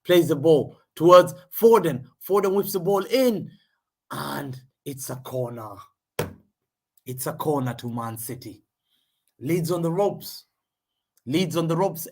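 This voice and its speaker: A man hosting a live football watchalong, calling the play and chatting, excitable and slangy, repeating himself as the action unfolds. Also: a little high. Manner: excitable, slangy, repeats phrases, jumps between play-by-play and chat. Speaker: fan host of a live match watchalong.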